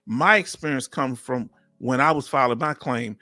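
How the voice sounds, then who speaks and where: A middle-aged man hosting a live chat, reading comments aloud and talking warmly and emotionally in casual vernacular. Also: medium pitch, normal speed, no echo. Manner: warm, emotional, talkative, Southern US vernacular. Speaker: livestream host.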